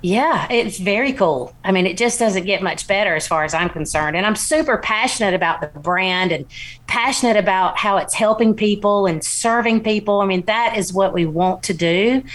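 A woman's voice: mid-range voice, normal speed. A woman, a small-business founder, talking eagerly and upbeat as an interview guest. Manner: upbeat and eager, laughs easily. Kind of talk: casual interview talk.

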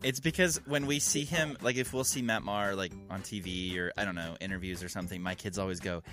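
A man hosting a podcast, telling stories in a lively way and often laughing. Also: deep voice, fast, faint music behind. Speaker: podcast host. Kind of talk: casual interview chat.

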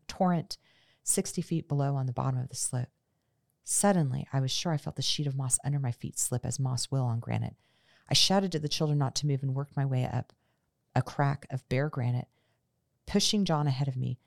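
Low gravelly-voiced woman reading aloud. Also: no echo, studio quality. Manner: steady storytelling with casual unscripted sign-off. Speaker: podcast host.

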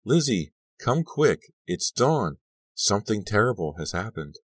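A man voicing a frightened teenage girl who speaks in an urgent, loud whisper. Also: low voice, expressive, normal speed, no room sound, recorded from a distance. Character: panicked teenage girl, Rachel.

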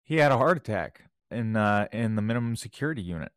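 Podcast cohost dude spinning stories, dry close sound, gets loud doing other people's lines. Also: male voice, lowish voice, fast talker, dry recording. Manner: storytelling, animated when quoting others. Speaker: podcast co-host. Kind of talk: casual podcast chat.

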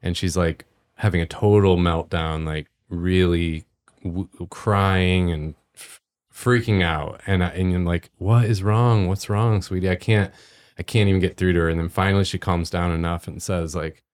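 Low-voiced man telling a lively story. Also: moderate pace. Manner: animated storytelling, laughs often. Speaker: podcast co-host. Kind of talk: casual faith discussion.

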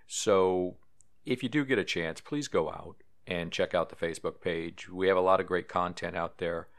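A man with a very low voice hosts a podcast. He reads history and trivia aloud at an easy pace and drops in offhand comments. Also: moderate pace. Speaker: podcast host. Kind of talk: casual podcast narration.

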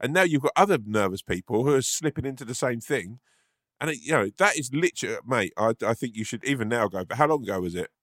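A man's voice: mid-range voice, expressive, fast, a bit bright, no room sound, clean studio sound. A man, a podcast co-host chatting from home, jokey and sweary, laughing often. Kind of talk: casual chat. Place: at home, remote call.

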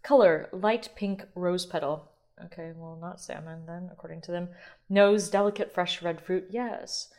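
A young adult woman hosting a solo podcast, chatting casually and rambling as she thinks out loud, with the odd swear word. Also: lowish voice, fairly even intonation, a little slow. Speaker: podcast host.

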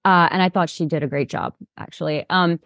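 Woman guest rambling fast and animated, lots of likes and ums, dry close audio. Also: low voice, no room sound, lo-fi sound. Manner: animated, laughing, lots of fillers. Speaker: reality show contestant guest. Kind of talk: casual interview chat.

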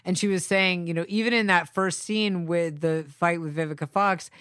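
A man's voice: high-pitched, steady tone, moderate pace, fairly bright tone, clean tone, no echo, studio quality. A man co-hosting a podcast, chatting casually and digressively about a film, swearing now and then. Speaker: podcast co-host.

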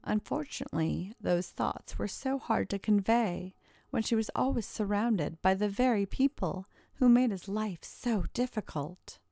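A woman narrating a story in a steady, measured way. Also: mid-range voice, creaky, dry recording, clean studio sound. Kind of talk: audiobook narration.

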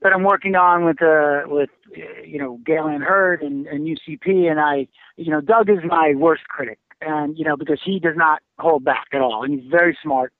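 A man's voice: a little high, moderate pace, dry recording. Screenwriter guest, male, loose and sweary, thin phone-like sound. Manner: profane, rambling storyteller with many fillers. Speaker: screenwriter and writing teacher. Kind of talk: casual podcast conversation.

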